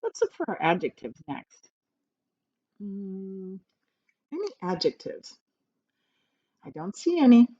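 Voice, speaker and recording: Mellow and sing-song, a woman's mid-range voice moves slowly through a grammar lesson for young students, pausing often. She guides them patiently and encouragingly, her voice going up and down, over slightly dull, lo-fi video audio.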